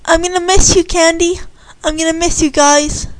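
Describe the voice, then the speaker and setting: A woman's voice: very high-pitched, fairly even intonation, moderate pace, voice pushed up, low-quality recording. Woman doing a brash, boastful orphan boy. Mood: gentle.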